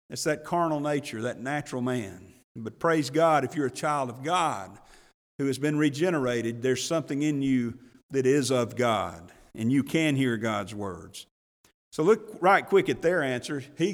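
Man preaching a sermon in a hall. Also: mid-range voice. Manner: preaching with rising fervor, acting out quoted voices. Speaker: pastor.

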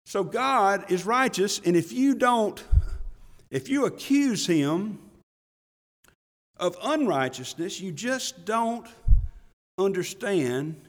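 A man's voice: high-pitched, expressive, slow, long pauses, in a large hall. A man preaching a folksy, conversational sermon as pastor, often laughing and repeating himself for emphasis. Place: church sanctuary.

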